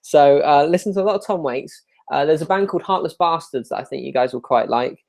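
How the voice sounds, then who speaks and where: A man's voice: a little high, quick pace, gravelly, a little mellow. A young man with a self-deprecating, rambling manner, chatting casually while answering viewer questions live. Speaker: YouTuber hosting a live Q&A.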